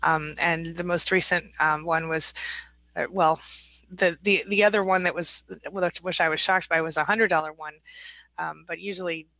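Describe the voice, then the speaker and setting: Bright-voiced woman reading viewer comments. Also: fairly low pitch, steady tone, normal speed, dry recording. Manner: warm, emotional, reads viewer comments aloud. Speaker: host. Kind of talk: live-stream chat reading comments.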